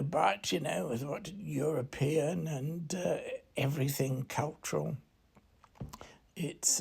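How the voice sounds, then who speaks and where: Slow, gravelly, husky English man. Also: on the high side. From England. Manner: meandering, stammering, hesitant, half-whispered. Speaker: comedian. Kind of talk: rambling comic monologue. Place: at home at night.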